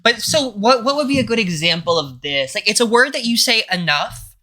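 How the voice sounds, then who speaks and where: A young adult co-host from New Orleans who talks quickly in a bright, mid-pitched voice. The delivery is dramatic and expressive, full of acted-out quotes during casual chat. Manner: fast, expressive, dramatic storytelling. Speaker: podcast co-host.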